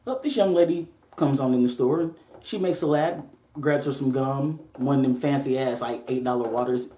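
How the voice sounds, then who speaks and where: A podcast host tells a story in a laid-back, profane style, tossing in joking asides. Her voice is rumbling low and dark at a moderate pace, and the recording has a roomy echo.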